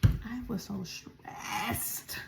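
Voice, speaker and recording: A woman's voice: mid-range voice, very slow, gravelly, noisy background. A woman vlogger telling a story in a chatty, casual way while she eats, speaking straight to her viewers. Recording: echoey room.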